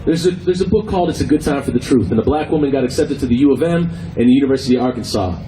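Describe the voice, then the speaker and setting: A man's voice: medium pitch, racing, mellow, poor audio. A man, a film actor, speaking at a protest with a conversational, pointed and sarcastic manner. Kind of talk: rally speech. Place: outdoor protest by a street. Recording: outdoor street with traffic noise.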